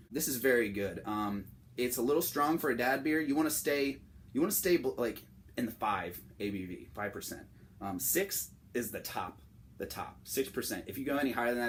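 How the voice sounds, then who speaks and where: A young man hosts a satirical comic monologue. He keeps a deadpan, mock-serious tone throughout, in a voice of ordinary male pitch. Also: a little hiss or hum. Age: young adult. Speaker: host.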